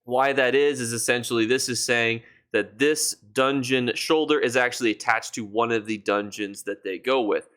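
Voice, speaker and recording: Game-guide YouTuber, male, mid-pitched, casual and enthusiastic with his audience. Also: steady tone, normal speed, hardly any pauses, fairly bright tone, smooth. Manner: chatty and enthusiastic, addresses viewers as "you guys". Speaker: gaming YouTuber.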